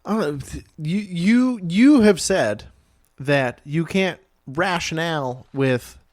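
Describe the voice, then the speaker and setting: A man's voice: fairly high pitch, lively intonation, takes it slowly, no room sound, studio quality. A man co-hosting a podcast, chiming in with profane jokes in casual chat. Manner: joking interjections with profanity. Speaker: podcast co-host.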